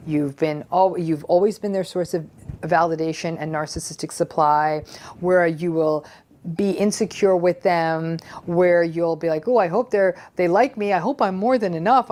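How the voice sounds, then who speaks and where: A woman's voice: on the low side, darkish tone. A woman psychologist giving a conversational educational talk, earnest and explanatory, sometimes acting out quoted voices.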